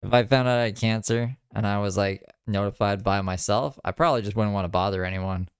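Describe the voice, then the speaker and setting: A man's voice: on the low side, brisk, clean tone, no echo, studio quality. A man hosting a podcast, rambling in crude, casual commentary with lots of filler words. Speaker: podcast host.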